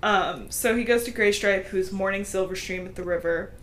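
Speaking in a mid-range, slightly bright voice, a woman co-hosting a podcast gives a quick, casual rundown of a book, dipping into short acted-out cat voices for the characters. Faint background noise is present.

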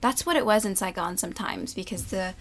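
A young woman talks openly as an interview guest. She is chatty and candid, trips over her words now and then, and laughs easily. Her voice sits at an ordinary middle pitch. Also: a little fast. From United States. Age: young adult. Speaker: stage actress, interview guest. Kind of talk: casual interview chat.

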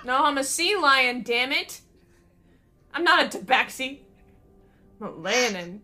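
A woman's voice: high-pitched, big pitch swings, unhurried, sharp tone, soft background music. A woman playing a tabletop role-playing game, chatting playfully and giggling often. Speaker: player. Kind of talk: casual chat at a tabletop game.

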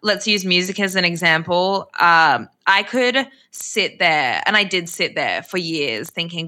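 A woman's voice: lowish voice, moderate pace, few pauses, sharp tone. A young woman with an Australian accent, a podcast guest talking effusively and chattily over a video call. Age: young adult. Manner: effusive, chatty, frequent laughs. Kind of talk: casual interview chat.

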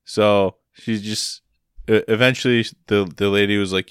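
Low-voiced man in laid-back podcast chat. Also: steady tone, normal speed, smooth, no room sound, studio quality. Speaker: podcast co-host. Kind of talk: casual chat.

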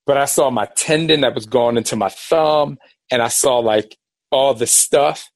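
Animated man telling a story. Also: mid-range voice, measured pace, dry recording. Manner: animated, rambling, acts out quoted dialogue. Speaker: podcast host. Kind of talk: casual storytelling.

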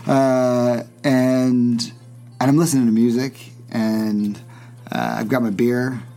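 A man's voice: mid-range voice, level tone, takes it slowly, dark tone, faint music behind. Man, podcast host, casual storytelling, rambling, restarts often. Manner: rambling, frequent restarts and laughs.

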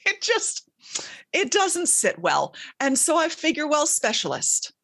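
Animated, high-voiced woman guest. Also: measured pace, creaky. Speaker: guest, communication specialist. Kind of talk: casual radio interview.

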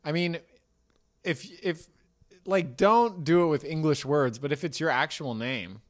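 A man's voice: a little high, measured pace. A man co-hosting a casual podcast, teasing and riffing with his partner. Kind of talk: casual chat.

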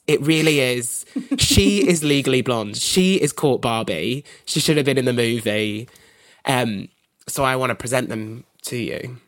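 A man guesting on a podcast as a comedian, chatting casually in a gossipy, excitable and playfully dramatic way. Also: medium pitch, no room sound.

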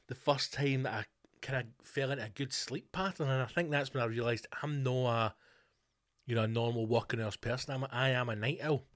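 Scottish male host, middle-aged, loose sweary monologue. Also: mid-range voice. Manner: rambling, sweary, animated. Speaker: podcast host. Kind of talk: casual monologue.

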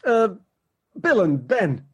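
A man's voice: high-pitched, huge pitch swings, slow, a bit bright, breathy edge, lo-fi sound, heavily acted. An actor playing a blunt, grumbling man who runs auditions for an amateur show in a comedy audio drama.

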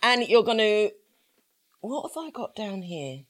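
A man co-hosting a relaxed podcast, talking in a jokey, chatty way. His voice sits fairly high and sounds bright. His intonation swings widely and animatedly. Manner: chatty, jokey, quick to laugh. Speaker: podcast co-host, guesthouse owner. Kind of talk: casual chat.

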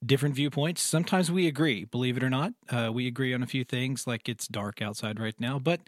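A man's voice: medium pitch, fairly quick, no echo, clean studio sound. Joking man co-hosting a podcast. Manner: joking, asks clarifying questions. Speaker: podcast co-host. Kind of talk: casual chat.

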